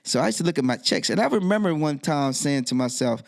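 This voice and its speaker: A man's voice: on the high side, fast talker, vocal fry. A middle-aged man, a DJ and podcast guest, telling a story in casual interview talk and acting out the dialogue in it. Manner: animated storyteller who acts out quoted dialogue.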